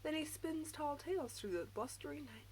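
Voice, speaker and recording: A woman teacher reading a rhyming picture book aloud in an expressive, rhythmic way. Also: sits high, normal speed, a little hiss or hum, rough recording.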